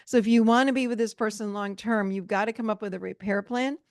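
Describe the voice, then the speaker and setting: A woman talks straight to her listeners as a relationship coach on her podcast, emphatic and direct. Her voice has a gravelly fry at mid pitch. The sound is close and dry. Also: steady tone, fast talker, dry recording. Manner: emphatic, direct, conversational, addresses listeners as "you guys". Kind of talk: solo podcast advice talk.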